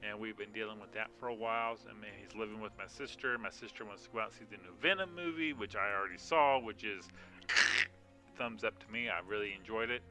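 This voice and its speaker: Bright-voiced rambling male game streamer. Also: fairly low pitch, quick pace, soft background music. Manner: rambling, frequent yawning and filler words. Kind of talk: casual live-stream chat. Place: home room.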